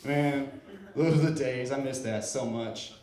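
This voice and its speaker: Self-deprecating comedian in a roomy club. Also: male voice, medium pitch, steady tone, measured pace, a little mellow, recorded from a distance. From Iowa. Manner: self-deprecating, playful crowd work. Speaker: stand-up comedian. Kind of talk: open-mic stand-up set.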